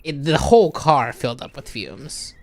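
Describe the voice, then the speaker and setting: A man's voice: medium pitch, moderate pace, creaky. Swearing man telling a story. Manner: animated storytelling, swears often. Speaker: podcast co-host. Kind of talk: casual chat.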